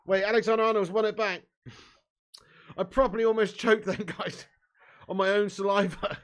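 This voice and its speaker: Smooth and high-pitched, with a steady tone at a normal speed, this young man hosts a football watch-along live stream. He comments on the match and reads chat messages amid plenty of swearing and banter, swinging from gloomy mutters to shouts and laughs.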